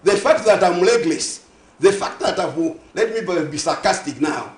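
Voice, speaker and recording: Very animated and sitting high, this man's voice keeps a moderate pace in a roomy TV studio. A Zambian-accented guest on a morning talk show, he argues passionately, heaping up synonyms and asking listeners if they follow.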